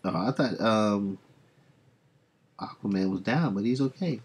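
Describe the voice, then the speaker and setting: A man's voice: fairly low pitch, measured pace, breathy edge. A young man casually commenting while reading comics aloud on a live stream, retelling panels in a chatty way.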